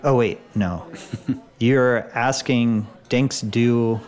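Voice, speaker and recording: A man learning German in a casual lesson, curious and playful, trying out phrases haltingly. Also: mid-range voice, steady tone, darkish tone. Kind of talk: casual language lesson chat.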